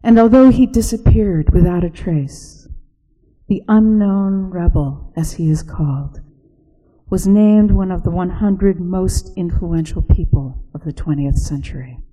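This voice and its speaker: Slow, hushed woman narrator. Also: fairly low pitch, big-room sound, low-quality recording. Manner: slow and hushed, dropping to a whisper. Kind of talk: reflective spoken essay.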